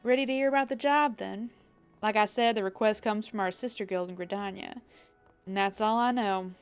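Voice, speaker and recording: A woman voicing a gruff male pirate-town guild master, reading game dialogue aloud with a rough drawl that slides into a southern US twang. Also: mid-range voice, moderate pace, soft background music, natural voice.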